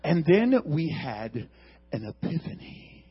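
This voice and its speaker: Animated high-voiced man telling a stand-up story. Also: slow, slightly rough, muffled recording. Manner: animated, acts out sound effects and shouts. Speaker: comedian.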